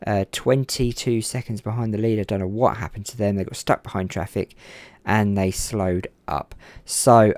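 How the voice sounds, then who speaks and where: A man giving excited race commentary over a racing game from home, his voice climbing when the action gets close. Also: lowish voice, moderate pace, dry recording.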